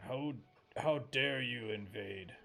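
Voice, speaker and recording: A man doing a proud, gravelly ogre king. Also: bright, forceful tone, soft background music, exaggerated voice. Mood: menacing. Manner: slow, booming declarations.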